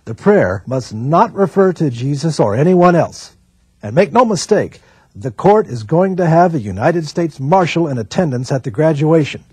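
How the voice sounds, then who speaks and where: A man's voice: fairly high pitch, very animated, moderate pace, a little mellow, husky, no echo, exaggerated voice. A man reading out the words of a stern male federal judge who threatens anyone who breaks his ruling.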